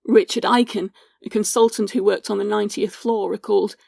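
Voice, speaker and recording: Gravelly-voiced woman narrating history. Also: mid-range voice, steady tone, darkish tone, no room sound, clean studio sound. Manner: measured, sombre storytelling that reads out witness accounts. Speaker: podcast host.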